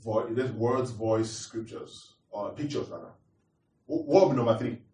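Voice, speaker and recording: A man's voice: medium pitch, normal speed, a little mellow. A man preaching a teaching sermon, repeating his points and asking the congregation questions. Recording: roomy echo, distant mic.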